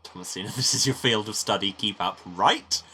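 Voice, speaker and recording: A man's voice: on the low side, moderate pace, sharp tone, faint music behind. A man with an English accent giving sardonic, rambling commentary while playing a video game. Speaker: let's play host. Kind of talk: let's play commentary.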